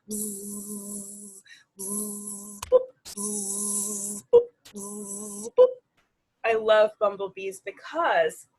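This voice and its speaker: A woman speech therapist reading a picture book aloud to preschoolers, animated and sing-song, making animal sounds. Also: medium pitch, low-quality recording. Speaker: speech-language pathologist. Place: at home.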